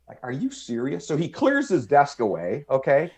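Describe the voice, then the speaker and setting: A middle-aged American man talking casually as a guest, mid-pitched and easy. He tells his story with energy and slips into little voices for the other people in it. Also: wildly swooping pitch, brisk, few pauses, a little mellow. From United States. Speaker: podcast guest.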